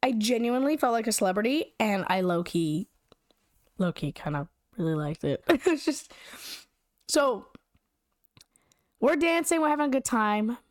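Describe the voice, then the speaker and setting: A young woman with a fairly high voice tells a story in a casual, animated way, slangy and full of "like". Her voice sits close and dry, with no room sound around it. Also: moderate pace, long pauses, no echo. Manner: animated, giggly, slangy, lots of "like".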